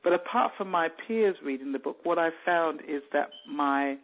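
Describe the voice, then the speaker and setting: A woman in her fifties, an author from Jamaica, telling stories in a phone interview with lively restarts and fillers. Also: low voice, moderate pace. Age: 50s. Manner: animated storyteller with many restarts and fillers. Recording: tinny phone line.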